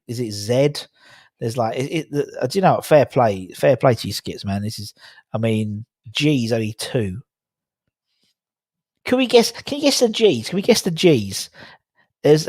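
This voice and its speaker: A man's voice: medium pitch, darkish tone, no echo, clean studio sound. Rambling man on a live stream. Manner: rambling, chatty, reading out viewer comments. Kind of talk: casual live-stream chat.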